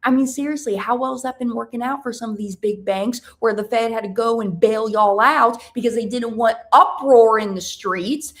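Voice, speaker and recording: An American woman hosting an educational podcast, talking emphatically with rhetorical questions and drawn-out stressed words. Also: a little high. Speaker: podcast host, financial educator.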